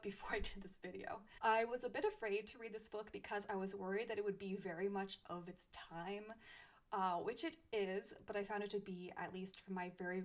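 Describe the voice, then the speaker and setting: A young woman reviewing books she has read, speaking thoughtfully with frequent small laughs. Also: medium pitch. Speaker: book reviewer. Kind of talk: casual book review.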